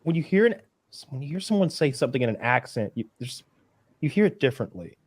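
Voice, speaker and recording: Man, podcast co-host, casual chat, rambling, restarts, mid pitch, dry close sound. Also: very animated, fast, darkish tone, no room sound. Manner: rambling, restarts a lot, laughs at own stories.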